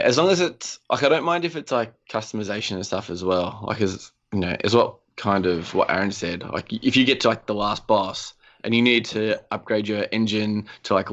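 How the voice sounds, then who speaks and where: A man's voice: on the low side, a bit bright, dull audio. A man co-hosting a gaming podcast, chatting casually and rambling with lots of "like" and "um". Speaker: podcast co-host. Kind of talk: casual chat.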